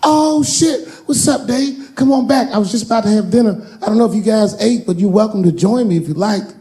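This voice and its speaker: A man voicing a famous comedian who excitedly invites guests back to dinner. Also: close to an everyday voice. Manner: excited, high-pitched, fast.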